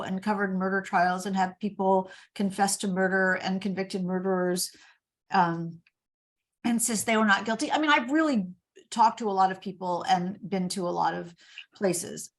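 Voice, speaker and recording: An older woman from Indiana, a guest author, telling stories in an interview and acting out the dialogue in them. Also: mid-range voice. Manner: animated storyteller, acts out quoted dialogue. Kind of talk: storytelling interview.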